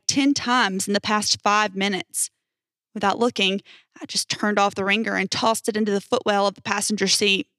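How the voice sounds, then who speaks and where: A young woman hosting a podcast, narrating a first-person horror story in an even storytelling voice. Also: mid-range voice, dry recording, studio quality. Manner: even storytelling, hesitant um in sign-off.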